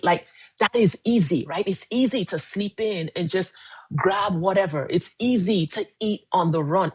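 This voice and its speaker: A woman's voice: fairly low pitch, darkish tone, husky. A woman in her forties coaching on a casual livestream, emphatic and repeating key phrases. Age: 40s. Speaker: weight-loss coach. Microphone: phone livestream.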